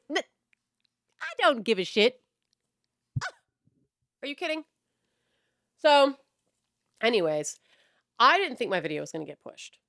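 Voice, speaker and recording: A woman's voice: fairly low pitch, a bit bright, no echo, studio quality. A woman in her thirties hosting her own show, ranting bluntly and profanely with a mocking edge. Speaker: podcast host. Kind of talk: ranting monologue.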